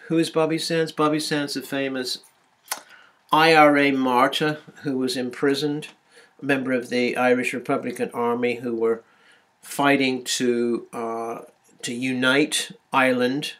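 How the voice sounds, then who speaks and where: A man's voice: mid-range voice, a little slow, a bit bright. Man lecturing hesitantly, full of ums. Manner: hesitant, many ums and restarts. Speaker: university lecturer. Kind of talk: recorded university lecture.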